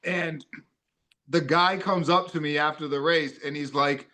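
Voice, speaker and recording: A man chatting on a podcast in an upbeat, excitable way, now and then breaking into loud cheering. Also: fairly high pitch, measured pace. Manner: upbeat, excitable, bursts into loud cheering when quoting himself. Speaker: guest runner. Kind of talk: casual podcast chat.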